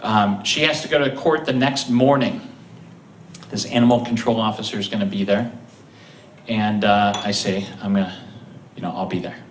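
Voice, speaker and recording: A man's voice: lowish voice, steady tone, moderate pace, pauses often, slight background noise. A man with an Ohio accent telling a funny true story on a live stage, talking casually, poking fun at himself and acting out the lines of the people in it. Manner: conversational, self-deprecating, acts out quotes. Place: live stage before an audience. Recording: roomy live venue, picked up from a distance.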